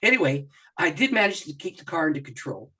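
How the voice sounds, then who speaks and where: Middle-aged man, pastor, husky voice, swooping animated pitch, storytelling interview guest, laughs a lot. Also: fast talker. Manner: lively storyteller who acts out his own thoughts and laughs often.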